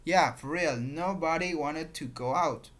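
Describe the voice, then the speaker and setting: Slow teacher. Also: medium pitch, a bit bright. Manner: repeats patterns, explains with examples. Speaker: English teacher. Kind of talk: grammar lesson.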